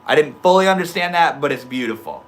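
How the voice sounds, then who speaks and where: A young man hosting a casual livestream from home, reading chat comments aloud and reacting with easygoing slang and swearing, dropping from soft murmurs to sudden loud excited outbursts. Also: a little high, fast. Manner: swears casually, laid-back stoner slang.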